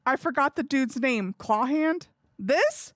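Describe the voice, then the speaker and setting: A woman live streamer chatting casually with her viewers in an animated, giggly way. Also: high-pitched, slow pace, dry recording, clean studio sound.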